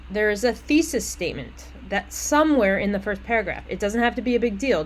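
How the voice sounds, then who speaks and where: Woman, college english teacher, chatty instructions, breaks off for casual asides, corrects herself as she goes, medium pitch, faint room hum. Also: poor audio. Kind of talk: walking through essay instructions.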